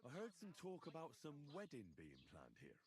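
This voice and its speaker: A polite young game hero. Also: male voice, a little high, huge pitch swings, moderate pace, darkish tone. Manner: polite, agreeable, understated. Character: young male peasant hero, polite and willing. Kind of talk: video game dialogue.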